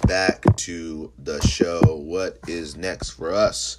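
A young man hosting a casual solo podcast who is high, rambling and swearing freely between fillers. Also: sing-song, measured pace, vocal fry. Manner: rambling and profane, full of fillers. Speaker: podcast host.

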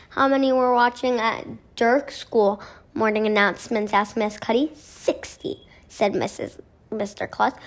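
A woman reading a children's chapter book aloud slowly and carefully, with small stumbles. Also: a little high, fairly even intonation.

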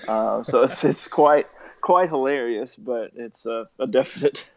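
On a slightly muffled lo-fi recording, a young Southeastern American man who works as a nurse talks informally as an interviewee. He speaks at a measured pace in a medium pitch with vocal fry, full of fillers, false starts, hesitation, and frequent chuckles.

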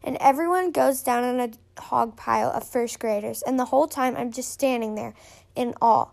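A young woman with a high voice reads funny stories to her viewers. She stops often to comment in a casual, rambling way, full of fillers and restarts. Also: moderate pace, gravelly, a little mellow. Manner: chatty, rambling, many fillers. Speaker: vlogger.

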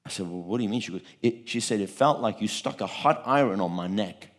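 A man's voice: fairly low pitch, expressive, fairly quick. A man preaching a testimony sermon, telling a story with repeated words and a voice that swells at its peaks.

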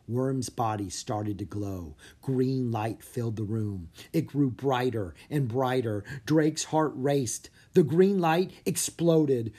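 A reader narrating a children's fantasy audiobook with expressive, animated storytelling. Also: medium pitch, slightly rough.

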